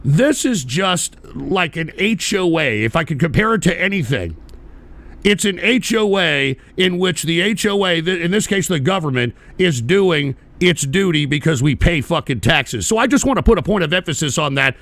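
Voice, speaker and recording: A man's voice: high-pitched, moderate pace, creaky, dry recording. A man hosting a live political talk stream, ranting bluntly with heavy swearing and reading out viewer donations. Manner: blunt, profane, animated ranting. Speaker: political talk show host.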